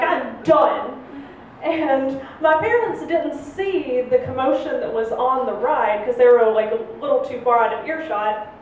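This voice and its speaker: A young adult woman telling a funny personal story on stage at a live storytelling night, animated and laughing often, jumping her voice up high to act out the people in it. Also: dull audio. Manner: animated, acts out voices with big pitch jumps, laughs often. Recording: roomy live venue, heard from a distance, faint room noise.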